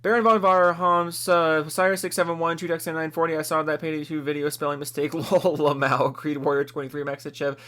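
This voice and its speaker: Rapid-fire excitable man reading names. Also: a little high. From US, Seattle area. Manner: excitable, profane, laughing at his own slips. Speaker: YouTuber reading out supporter names. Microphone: close desk microphone.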